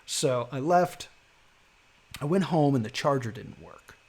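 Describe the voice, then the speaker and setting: Fields: Sex: man. Role: live streamer. Style: casual storytelling. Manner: animated, laughing. Pitch: average. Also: unhurried, vocal fry, slightly rough. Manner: animated, laughing, acts out the people in his story.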